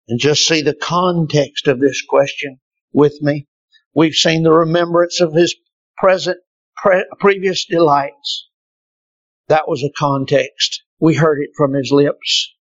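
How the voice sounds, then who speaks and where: A male preacher delivering an impassioned sermon, dropping to hushed tones and rising to shouts. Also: no echo, highs cut off. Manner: impassioned, swinging from hushed lows to shouted peaks.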